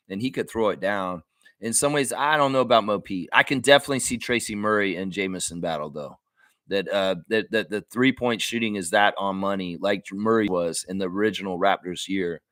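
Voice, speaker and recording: A man's voice: lowish voice, normal speed, no room sound. Chatty man hosting a live fan stream. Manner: chatty and animated, gets loud and excited at friends' shout-outs. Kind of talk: casual live-stream chat, reading viewer comments.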